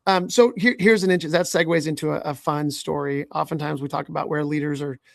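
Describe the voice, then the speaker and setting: A male leadership coach hosts a podcast in an earnest, advising way, often checking in with "right?". His voice sits a little high and has a gravelly edge, and the recording is dry. He talks the listener through workplace habits in a steady conversational flow. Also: brisk, no echo.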